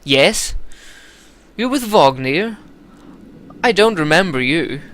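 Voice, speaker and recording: A man's voice: on the high side, animated, slow, a bit bright, voice pushed up. A man putting on a haughty English prince. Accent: put-on English. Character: haughty young human prince, sarcastic.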